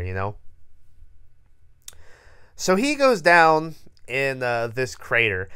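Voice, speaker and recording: A man's voice: medium pitch, huge pitch swings, slow pace, pauses often, sharp tone, clear, resonant tone. A man co-hosting a podcast, recapping a horror movie in a rambling, profane, laughing way. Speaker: podcast co-host.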